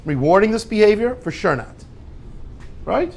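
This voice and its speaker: A rabbi teaches a class with an informal, lively Torah talk, acting out small dialogues and sprinkling in Hebrew and Yiddish words. His voice is high with some vocal fry, and he speaks at a moderate pace.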